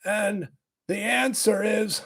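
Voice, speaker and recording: A man doing a comedic impression of a boastful, cranky older male health official, with a raspy, strained voice, rambling and bursting into shouts. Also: high voice, fairly even intonation, slow pace, full character voice.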